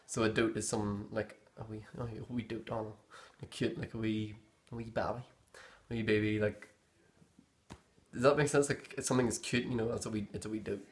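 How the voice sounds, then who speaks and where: Young man, Northern Irish accent, lowish voice, relaxed rambling explanations. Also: a little fast. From Northern Ireland. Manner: rambling and easygoing, searching for words. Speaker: interviewee explaining local slang. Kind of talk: casual explanation.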